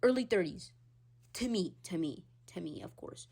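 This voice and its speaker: A young Hispanic podcast host rants on her own at a moderate pace, her voice carrying vocal fry and a breathy edge. Casual and animated, she swears freely, laughs often and jumps from loud squeals down to low mutters.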